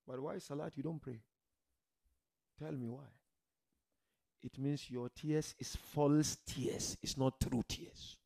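A man preaching a religious sermon to a seated gathering, emphatic, swinging from loud declarations to quiet murmurs and addressing the listeners directly. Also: mid-range voice, steady tone, slow pace, gravelly, pauses often. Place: gathering hall with a seated audience.

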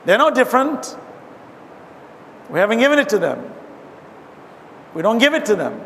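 A man's voice: sits high, very animated, moderate pace, gravelly, fairly bright tone. A man giving an impassioned religious talk to a gathering, reciting Arabic verses between his explanations. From abroad, now living in America. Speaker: Islamic speaker. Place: hall with an audience. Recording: hall reverb, faint noise.

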